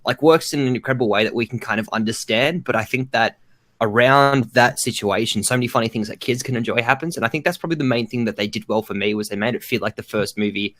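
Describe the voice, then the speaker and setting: A young man talks quickly on a casual podcast, words tumbling out. He rambles with plenty of fillers and likes to tease his co-host. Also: mid-range voice, a bit bright. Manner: rambling, filler-heavy, teasing. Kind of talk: casual chat.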